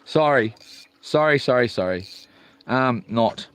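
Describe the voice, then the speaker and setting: A man's voice: medium pitch, lively intonation, slow. A man hosting a casual live stream outdoors by the sea at night, rambling and hesitant with many ums. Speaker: channel host live-streaming.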